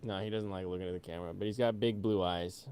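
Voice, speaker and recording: A man's voice: deep voice, steady tone, fast talker, a little mellow. A man co-hosting a casual chat, joking and teasing, slipping into silly voices. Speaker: podcast co-host.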